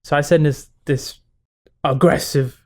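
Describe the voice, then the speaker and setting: Unhurried and a little high in pitch, a young podcast co-host relates a story during casual chat. He brings it to life by performing other people's quotes and laughs often along the way.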